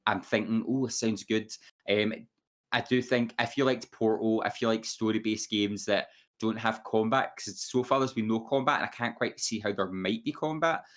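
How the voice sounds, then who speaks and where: A podcast co-host chats casually, his lowish voice carrying a fairly bright tone at a normal speed. He rambles, restarting sentences often and filling gaps with fillers.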